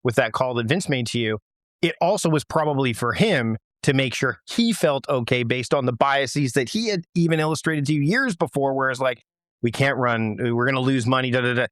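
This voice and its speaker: A man's voice: mid-range voice, fairly bright tone, dry recording, studio quality. A man hosting a podcast interview, speaking in a reflective way and building his points step by step. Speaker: podcast host. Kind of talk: conversational interview.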